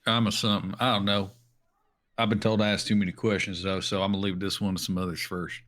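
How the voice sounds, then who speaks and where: A man playing a tabletop game, brash and quick to swear. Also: on the low side, little pitch movement, fairly bright tone. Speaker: player. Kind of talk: tabletop role-play, casual.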